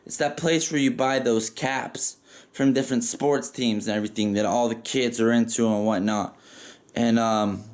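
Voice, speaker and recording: A man's voice: mid-range voice, steady tone, moderate pace, darkish tone. A man telling a story casually, rambling and profane, with lots of "like" fillers.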